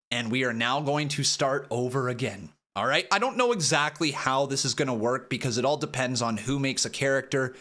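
A man hosting a live stream, calling a simulated wrestling match play-by-play from his desk in an excitable, shouting manner. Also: mid-range voice. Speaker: streamer and host of the series.

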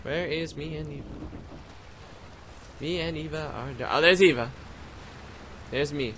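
A man's voice: fairly high pitch, a little slow, a little hiss or hum. A young man commenting on a video game as he plays, sarcastic and joking, with sudden exclamations. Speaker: let's play host. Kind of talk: gameplay commentary. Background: loud game music.

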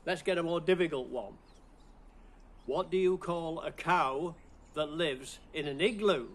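A man's voice: fairly high pitch, a little slow, slight background noise. Playful man pondering cracker riddles. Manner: playful, answers his own riddles with mock puzzling and chuckles. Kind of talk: playful Christmas riddle routine.

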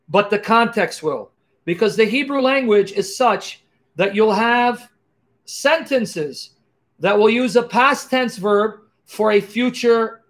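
A man giving an animated apologetics teaching, emphatic and full of rhetorical questions, punctuating points with exclamations. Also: high-pitched. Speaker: Christian apologist.

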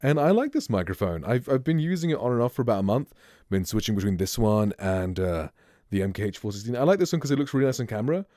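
Laid-back low-voiced man reviewing gear. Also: expressive, fast, dark tone, no room sound, clean studio sound. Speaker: streamer reviewing microphones. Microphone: close studio microphone.

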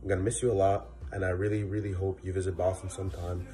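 A young man with a low, mellow voice speaks sincerely through a goodbye message. Faint music plays behind him. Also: level tone, quick pace. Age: young adult. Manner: sincere, listing memories. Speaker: college friend. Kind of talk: farewell message.

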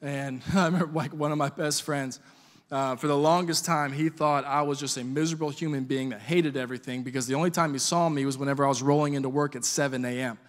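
A man's voice: on the high side, steady tone, fast, long reverb tail. A man preaching a sermon as a pastor, conversational and joking as he tells stories. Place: church sanctuary.

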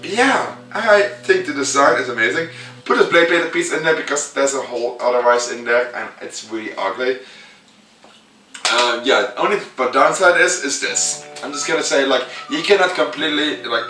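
A man's voice: mid-range voice, expressive, normal speed, pushed and bright, faint music behind. Chatty young man in an echoey room. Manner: rambling, chatty, self-mocking, with fillers and giggles. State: slightly hoarse voice. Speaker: vlogger reviewing a toy. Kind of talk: casual unboxing vlog. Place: room indoors. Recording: echoey room, mic at a distance.

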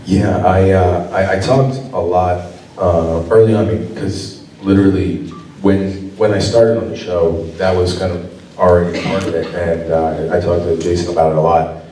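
A man's voice: low-pitched, little pitch movement, normal speed, warm tone, slight background noise. A man on a convention panel as an actor guest, talking casually and rambling with lots of fillers and restarts. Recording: roomy hall sound from far off.

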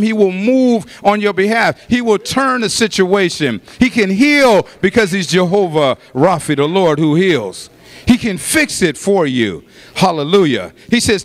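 Pastor guy, late 50s, fairly high voice, preaching in a church with repeated lines, gets shouty. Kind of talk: sermon. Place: church sanctuary.

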